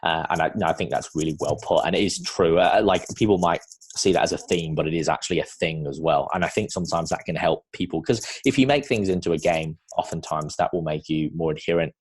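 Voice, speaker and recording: A man's voice: deep voice, fast, breathy edge. A man from New Zealand hosting a podcast in a casual, rambling way with lots of fillers. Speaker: podcast host.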